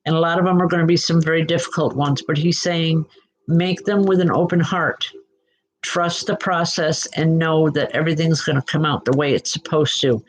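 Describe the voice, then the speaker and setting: A chatty psychic medium host gives live spiritual readings, reassuring viewers and addressing them by name, with frequent fillers, restarts and "okay?" check-ins. Her voice sits low, with a steady tone and normal speed, and the audio is poor.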